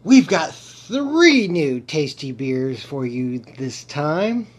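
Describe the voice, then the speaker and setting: A man's voice: on the high side, big pitch swings, very slow. A man hosting a casual beer tasting review, playful and theatrical, savoring each sip aloud.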